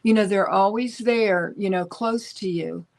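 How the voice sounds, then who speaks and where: A woman's voice: mid-range voice, a little slow, gravelly. A woman on a live stream giving intuitive spiritual guidance, searching for words with many restarts and ums. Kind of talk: casual spiritual guidance talk.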